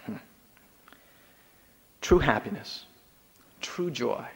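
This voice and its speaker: A man preaching a sermon, telling stories with humor and swinging between soft, low remarks and emphatic, rising lines. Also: in a large hall. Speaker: pastor.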